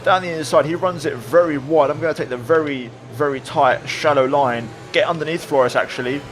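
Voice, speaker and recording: A man's voice: on the high side, fairly quick. Brief: male sim racer narrating his race replay, easygoing, lots of fillers, noisy game audio behind. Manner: relaxed, reflective, with many fillers. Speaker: sim racing video creator. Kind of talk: replay commentary voice-over.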